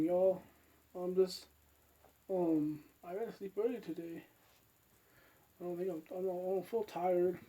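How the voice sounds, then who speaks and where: Man, scripture reader, flat steady delivery with restarts, heard from a distance. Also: high voice. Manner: plain unhurried reading with restarts, calling out verse numbers. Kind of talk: reading aloud verse by verse.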